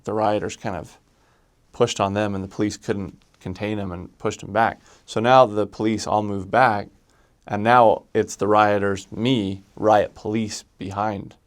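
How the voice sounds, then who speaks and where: A man telling a personal story from his missionary days, lively and halting, with frequent restarts. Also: on the low side.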